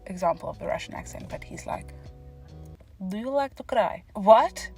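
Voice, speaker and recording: A young South African woman tells a story from her car with a lively, jumpy delivery, dropping to a whisper and then bursting out loud. She talks casually and fast, with plenty of asides. Faint music plays behind her. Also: mid-range voice, poor audio. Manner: animated, jumps between whispers and loud exclamations, quick asides. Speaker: vlogger. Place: parked car.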